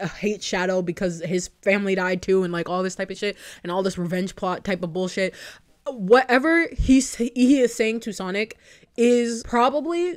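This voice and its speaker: A woman's voice: mid-range voice, darkish tone. A young woman YouTuber giving casual fan commentary, gushing and rambling, often breaking into laughs.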